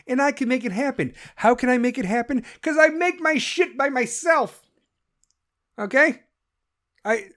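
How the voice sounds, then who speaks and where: A man's voice: sits high, a bit bright. A man hosting his own podcast, talking in a brash, profane, ranting monologue. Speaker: podcast host. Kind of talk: casual solo podcast monologue.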